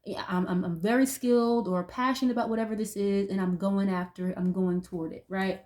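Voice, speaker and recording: A woman talks through a tarot spread in a relaxed, conversational way, her voice sitting at an ordinary middle pitch. She rambles a little, fills gaps with "like" and "um," and lets a curse word slip now and then. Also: fairly quick. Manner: chatty and loose, heavy use of "like", occasional swearing. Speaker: tarot reader. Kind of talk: casual intuitive tarot reading to viewers.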